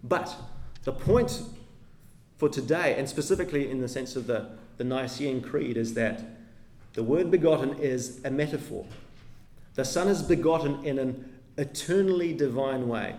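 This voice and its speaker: A man teaching a sermon in an earnest, measured way, often restarting and repeating phrases. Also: mid-range voice, darkish tone, echoey room. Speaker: preacher.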